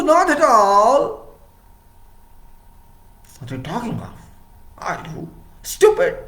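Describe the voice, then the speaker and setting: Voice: medium pitch, creaky, reverberant. An engineering lecturer in a rambling, playful monologue who asks rhetorical questions and answers them.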